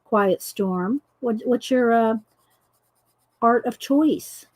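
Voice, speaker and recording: A woman's voice: on the high side, extremely slow, a little mellow. A middle-aged woman, hosting a casual coloring livestream, chatty and laughing often as she greets viewers. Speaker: livestream host demonstrating coloring.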